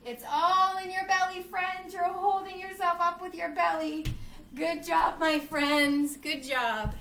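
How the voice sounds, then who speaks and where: Woman children's yoga teacher, high voice, storybook reading, encouraging, echoey room from a distance. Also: steady tone, takes it slowly, long pauses, a little hiss or hum. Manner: encouraging, addresses kids as friends, acts out the story's shouts. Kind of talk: reading a storybook aloud while leading kids' yoga.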